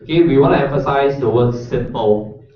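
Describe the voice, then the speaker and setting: A man's voice: medium pitch, normal speed, a little hiss or hum. A man teaching a coding workshop in a lecture room, with a casual, chatty manner that keeps checking in with the audience. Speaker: workshop instructor. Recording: roomy echo, distant mic, dull lo-fi sound.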